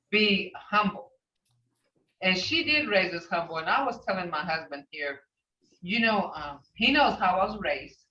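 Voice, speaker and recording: A woman's voice: on the low side, sharp tone, slight background noise. An older woman teaching a language class who tells stories and uses many "you know" fillers. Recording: echoey, distant, dull recording.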